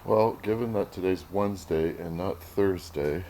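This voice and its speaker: A man talking casually to camera in a vlog, rambling and thinking aloud, often clearing his throat, moving between his workshop and yard. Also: low voice, normal speed, noisy background. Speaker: vlogger.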